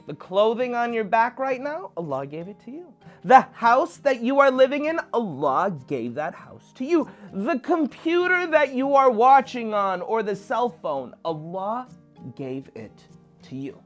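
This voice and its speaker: Animated man telling a kids' story. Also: very high voice, a little slow, soft background music. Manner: animated, playful. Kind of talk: storytelling for children.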